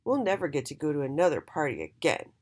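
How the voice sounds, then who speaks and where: A woman's voice: sits low, wildly swooping pitch, fast, a little mellow, full character voice. A woman voicing the P twins, a pair of sweet, lonely talking letters in a children's storybook. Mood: sad. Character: sad lonely twin letters, sweet and eager.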